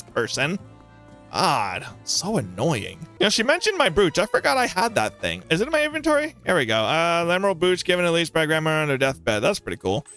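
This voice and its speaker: A man's voice: fairly high pitch, brisk, soft background music. A man playing through a game, reading every villager's lines aloud and joking between them. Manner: animated, jokey, plays every villager. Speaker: let's play streamer.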